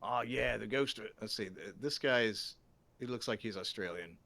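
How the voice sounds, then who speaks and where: A man hosting a casual game stream, reading game text aloud and making deadpan jokes. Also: lowish voice, moderate pace, gravelly. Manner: joking, punning, deadpan asides. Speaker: let's play host.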